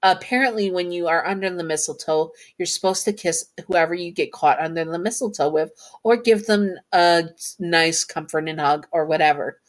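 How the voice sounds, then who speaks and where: A woman's voice: fairly low pitch, moderate pace, natural voice. A woman voicing an eager, affectionate partner character who coaxes and pleads, in a fan fiction reading. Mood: coaxing.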